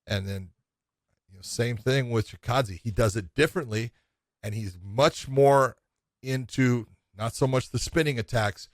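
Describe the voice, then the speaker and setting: A man's voice: mid-range voice, a little slow, no echo, studio quality. A middle-aged man co-hosting a casual podcast about fighting, talking with enthusiasm, repeating himself and swearing casually. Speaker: podcast co-host. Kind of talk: casual MMA podcast chat.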